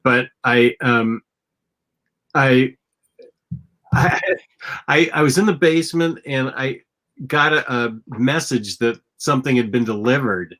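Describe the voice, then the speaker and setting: Man co-host, married, bright forward tone, halting and repetitive. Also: medium pitch. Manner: halting, repeats words and restarts. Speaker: podcast co-host. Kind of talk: casual chat.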